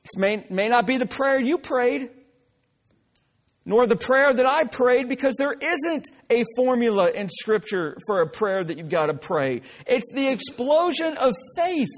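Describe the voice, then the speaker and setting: Male pastor, very high voice, emphatic preaching with playful asides. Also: lively intonation, measured pace. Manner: emphatic, repeats "listen" for emphasis, joking asides. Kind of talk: sermon.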